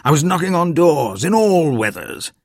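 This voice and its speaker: A man's voice: fairly high pitch, big pitch swings, moderate pace, no echo, clean studio sound, pitched above the performer's own voice. A man voicing a blustering, scornful old grandfather who lectures his family in a storybook reading.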